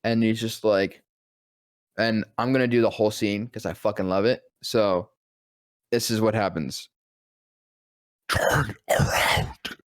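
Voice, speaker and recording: A man's voice: on the low side, fairly even intonation, dry recording, studio quality. A young man, a voice actor, telling a story in casual chat, rambling, swearing freely and laughing often. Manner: rambling, profane, quick to laugh. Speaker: podcast guest, voice actor.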